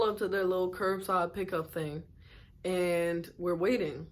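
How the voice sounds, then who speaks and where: Woman vlogger telling a story, lowish voice, animated and amused. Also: unhurried. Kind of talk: storytime narration.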